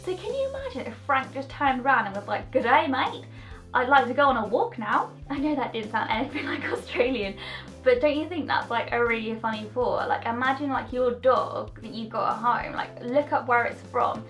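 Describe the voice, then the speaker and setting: A woman's voice: on the high side, expressive, fairly quick, a bit bright, faint music behind. A young woman chatting bubbly and casually as a beauty vlogger, drifting off on tangents. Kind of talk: casual product review chat.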